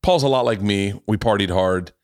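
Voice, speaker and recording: A man hosting a podcast, telling stories with lots of swearing and bursts of laughter. His voice sits on the low side. The sound is dry and close to the mic. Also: moderate pace, dry recording. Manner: animated, swearing, laughing storyteller. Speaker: podcast host. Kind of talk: casual storytelling chat.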